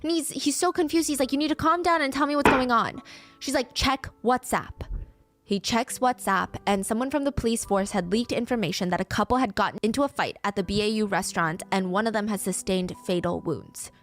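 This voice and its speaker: A woman narrating a scripted true-crime story in a brisk way, acting out the quoted speech as she goes. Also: on the high side.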